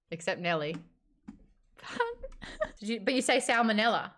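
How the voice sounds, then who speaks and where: A woman with an Australian accent hosting a casual live-stream chat, playful and quick to laugh. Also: a little high, lively intonation, a bit bright. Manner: playful, laughs often, jumps between topics. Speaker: host.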